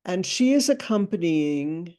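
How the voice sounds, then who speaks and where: A woman recounts a personal story at a memorial gathering. Her voice is warm and mellow, and she speaks in a halting way, often circling back and repeating phrases. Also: fairly low pitch, animated.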